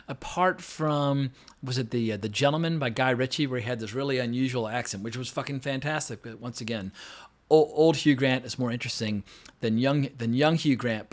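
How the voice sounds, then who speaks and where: A man giving a casual, opinionated movie review, with swearing and fillers. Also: mid-range voice. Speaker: film reviewer. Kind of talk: unscripted movie review monologue.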